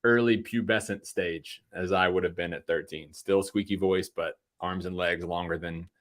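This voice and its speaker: A low-voiced man in his thirties from Virginia chats casually as a podcast guest in an interview, speaking at normal speed with fairly even intonation. He makes self-deprecating jokes and uses lots of fillers.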